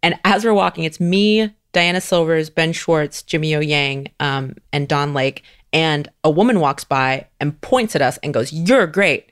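A man's voice: fairly high pitch, moderate pace, few pauses, clear, resonant tone. A man hosting a podcast, chatting casually and telling anecdotes with frequent laughs. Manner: giggly, animated storytelling. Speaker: podcast host. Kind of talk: casual chat.

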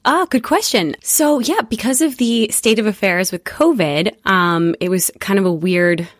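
A young woman from the UK, raised in Spain and the USA, talking casually as a podcast guest in a lively, chatty way with plenty of fillers. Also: medium pitch, normal speed, no room sound, studio quality. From UK-born, raised in Spain and the USA. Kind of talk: casual conversational chat.

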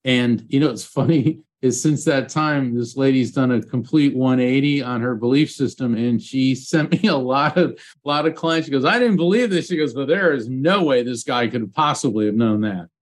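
Man telling lively anecdotes. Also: mid-range voice, normal speed, hardly any pauses. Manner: animated anecdotes with acted quotes. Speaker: guest psychic medium. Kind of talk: storytelling interview.

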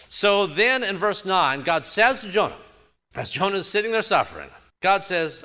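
A male preacher delivering a sermon in a bright, forceful voice that swings widely in pitch. He builds emphatically through repeated rhetorical phrases, rising and falling as he drives each point home. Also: big pitch swings, normal speed. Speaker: pastor.

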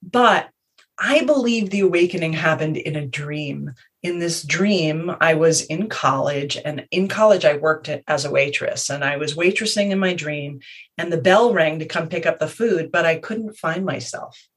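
A woman guest speaking in a measured, reflective way, telling personal stories in a conversation. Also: low voice, husky.

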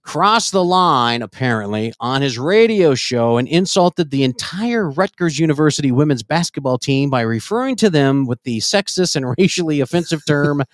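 A man's voice: fairly high pitch, animated, moderate pace, hardly any pauses, no echo. A middle-aged man co-hosting a comedy podcast, brash and profane, ranting in casual chat. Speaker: podcast co-host.

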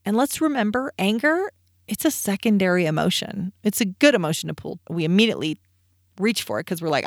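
A woman's voice: medium pitch, very animated, fairly quick, no echo, studio quality. A woman in her thirties hosting a parenting podcast, talking candidly and conversationally and answering her own rhetorical questions. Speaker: podcast host.

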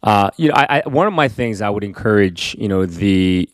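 A man's voice: fairly low pitch, animated, normal speed, dry recording. A middle-aged man co-hosting a casual conversation, reflective and encouraging, often affirming with short agreements. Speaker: co-host.

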